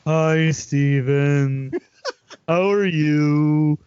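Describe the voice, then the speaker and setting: A man's voice: a little high, extremely slow, dull audio, heavy background noise. A man voicing a dim, fawning young fire knight who gushes over his hero and keeps apologizing, in improvised tabletop role-play. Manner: gushing, sycophantic, apologetic.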